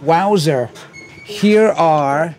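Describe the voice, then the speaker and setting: A man hosting a podcast, reading scripted narration and interviewing a guest in a measured, emphatic way. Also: a little high, darkish tone, faint music behind. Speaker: podcast host.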